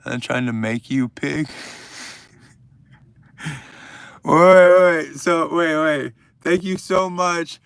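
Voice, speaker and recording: A man in his thirties with a slightly high, gravelly voice, chatting live with viewers and calling them out by name. He jokes crudely and rambles on, and the sound is close and dry. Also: extremely slow, long pauses, a bit bright, no echo. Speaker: livestream host. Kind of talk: casual chat reading viewer comments.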